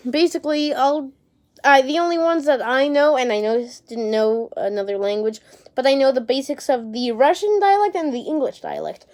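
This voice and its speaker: A woman's voice: sits high, normal speed, a little mellow. A young woman talking casually to camera, rambling and unsure, with casual swearing and lots of fillers. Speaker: vlogger.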